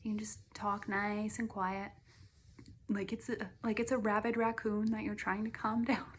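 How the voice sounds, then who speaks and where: A middle-aged woman artist talking casually to camera, chatty with many fillers, sometimes dropping to a soft hush. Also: mid-range voice, level tone, normal speed, a little hiss or hum. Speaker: artist and host.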